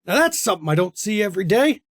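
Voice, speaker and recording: A man's voice: high-pitched, big pitch swings, fast talker, gravelly, exaggerated voice. A man game master voicing a swaggering, bow-legged male vampire who flirts crudely, with a brash, teasing drawl. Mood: cocky. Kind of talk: tabletop role-play voicing.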